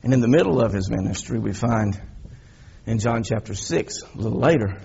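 A man delivers a sermon in a gravelly, husky voice. He tells the story with animation, rising loud for emphasis and then dropping to quiet, reflective passages. The recording sounds dull and lo-fi. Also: lowish voice, lively intonation, moderate pace. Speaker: pastor.

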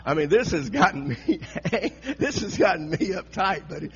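Guy preaching, high lively voice, laughs a lot, dull lo-fi recording w a faint hum. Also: moderate pace, slightly rough. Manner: animated storytelling, laughing often, repeating phrases. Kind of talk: sermon.

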